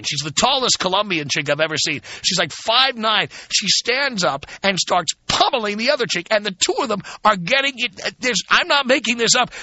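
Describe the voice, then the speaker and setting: A man's voice: high-pitched, bright, forceful tone, no room sound. A male talk radio host telling a frank, emphatic story to his listeners, casual and blunt, with many fillers. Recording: dull lo-fi radio broadcast.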